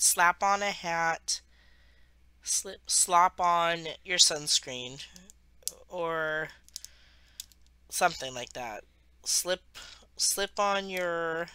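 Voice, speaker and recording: A woman's voice: on the low side, pushed and bright, smooth, no echo. A woman from the United States, hosting a craft channel and rambling chattily through a travel story while she works. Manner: rambling, chatty, self-correcting.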